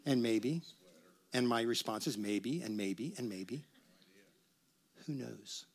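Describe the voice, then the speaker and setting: Pastor preaching with playful humor. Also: male voice, mid-range voice, slow pace. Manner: conversational preaching with humor and call-and-response. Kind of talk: sermon. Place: church sanctuary.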